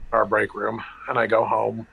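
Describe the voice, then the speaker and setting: A man's voice: lowish voice, creaky, sharp tone, slightly rough, poor audio. A man candidly telling a personal story, blunt and profane, acting out the dialogue and restarting his sentences. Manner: halting with restarts and fillers.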